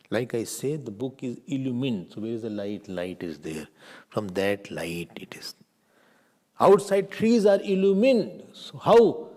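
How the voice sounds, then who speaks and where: A man's voice: mid-range voice, dark tone. A man teaching a scripture class as a swami. He asks the class questions, answers them himself and stresses words with sudden force.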